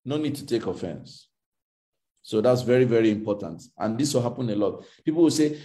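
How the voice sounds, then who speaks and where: A male coach teaching in an emphatic, animated way, often repeating his points. He acts out the quoted voices of other people with sudden leaps in pitch. His speaking voice sits at a middle pitch. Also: brisk. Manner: emphatic and repetitive, faith-infused. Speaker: coach answering audience questions. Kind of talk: motivational teaching session.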